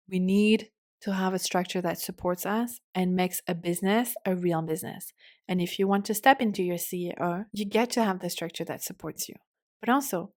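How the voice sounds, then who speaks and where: A woman hosting a solo podcast, talking passionately and swinging from fired up to soft and calm, swearing casually. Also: mid-range voice. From French-speaking. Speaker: podcast host.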